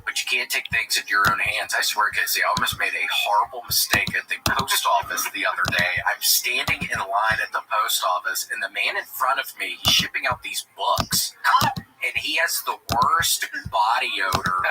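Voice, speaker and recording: A man's voice: fairly low pitch, normal speed, hardly any pauses, in a whisper. A man in casual podcast banter, telling rambling, self-mocking stories. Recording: noisy livestream audio.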